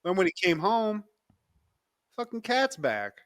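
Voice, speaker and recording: A man with a slightly high voice rattles through a sitcom recap, swearing freely and laughing between lines. He keeps calling out to his co-host as he goes. The sound is dry and close, with no room around it. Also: a little slow, dry recording. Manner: animated, profane, laughs often, keeps addressing his co-host. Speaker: podcast co-host. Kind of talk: casual recap chat.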